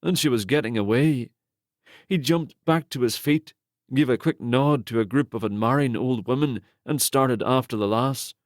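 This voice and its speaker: A man narrating a romance novel in a steady, measured storytelling manner on a close studio mic. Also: medium pitch, no room sound. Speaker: audiobook narrator.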